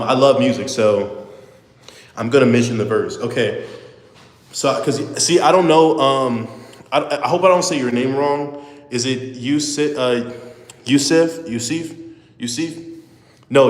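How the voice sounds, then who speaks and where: A nineteen-year-old man from Houston, rambling earnestly to viewers on a casual livestream and saying bro a lot. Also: medium pitch. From Houston, Texas. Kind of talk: casual live chat with viewers. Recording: echoey room with long reverb.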